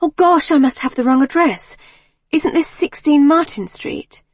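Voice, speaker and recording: A woman's voice: high-pitched, expressive, measured pace, no room sound, clean studio sound, pitched above the performer's own voice. A woman voicing a flustered, apologetic suburban mum who gushes and pleads. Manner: gushing, apologetic, breathless.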